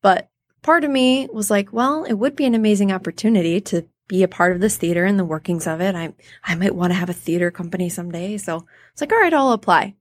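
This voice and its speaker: Quick and animated, a theater artist in her thirties recounts stories as an interview guest in a medium-pitched voice, performing each quoted voice. The setting is a casual interview, and the recording is dry.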